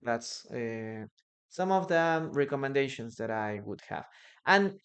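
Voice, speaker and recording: A man's voice: mid-range voice, lively intonation, measured pace, a bit bright. Spanish-speaking guy teaching english live online, patient, walks through examples, computer mic.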